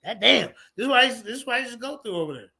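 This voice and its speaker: Loud taunting man, sharp bright voice. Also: very high voice, expressive, fast, gravelly. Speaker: debater and stream commentator. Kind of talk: mocking live commentary.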